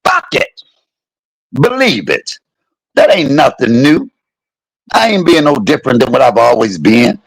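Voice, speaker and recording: A man's voice: medium pitch, big pitch swings, measured pace, long pauses, no room sound, low-quality recording. A man in his fifties delivering a heated, profane rant to his viewers, repeating his points for emphasis. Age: 50s. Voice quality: gravelly, husky. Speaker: vlogger. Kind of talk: angry profane rant to camera.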